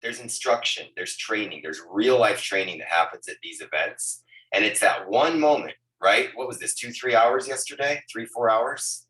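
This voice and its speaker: A man leading a sales team call with high energy, often stopping to ask "right, guys?". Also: normal speed, roomy sound, recorded from a distance, rough recording. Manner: energetic, repeats words, asks "right, guys?". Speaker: agency leader hosting a team call. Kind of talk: motivational team huddle. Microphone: Bluetooth earbuds on a video call.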